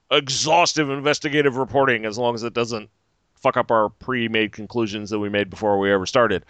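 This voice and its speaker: Podcast host, male, sweary sarcastic ranter, bright forceful tone, dry close sound. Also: medium pitch, clear, resonant tone, no echo. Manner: profane, ranting, sarcastic. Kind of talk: casual ranting chat.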